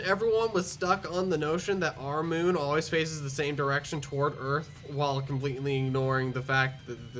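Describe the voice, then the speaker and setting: A man's voice: medium pitch, fairly bright tone. A man narrating a scripted video essay in a sarcastic, exasperated way. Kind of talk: scripted commentary.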